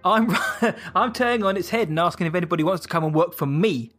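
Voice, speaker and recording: A man with a slightly high voice plays his character in a tabletop role-playing game with confident, jokey swagger. Faint music plays in the background. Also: fast, a bit bright. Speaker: player.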